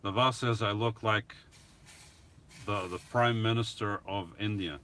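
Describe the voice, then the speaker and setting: Guy rambling through live chat comments, bright tone, kinda low pitch. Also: fairly even intonation, unhurried. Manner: rambling, self-correcting, chatty. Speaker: livestream host answering viewer comments.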